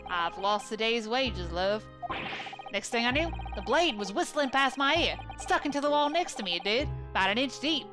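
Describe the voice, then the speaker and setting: A woman puts on a shaken working-class man on the witness stand who rambles along in plain, colloquial talk. The voice sits a little high, with game music playing behind it. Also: animated, normal speed, natural voice. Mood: rattled.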